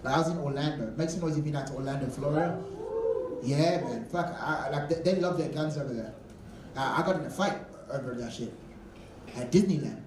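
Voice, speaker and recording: A man's voice: on the high side, a little fast, distant mic. A man doing a live stand-up comedy set, telling crude, swearing stories with stammered restarts. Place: comedy club stage. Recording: roomy club sound from off-mic, with audience noise. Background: audience laughter.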